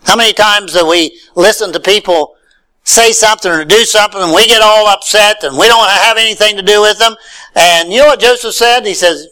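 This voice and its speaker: In a rough recording, a man with a high, bright, pushed voice preaches a sermon at a brisk pace, reading scripture aloud and then retelling it in his own words with rising emphasis and rhetorical questions.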